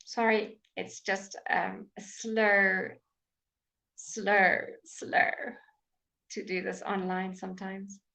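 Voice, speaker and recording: Woman, British accent, online English teacher, careful drawn-out diction, slow pace, computer mic. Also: mid-range voice, level tone, bright, forceful tone, low-quality recording. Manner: slow, clear, drawn-out enunciation with many fillers. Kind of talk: live online language lesson.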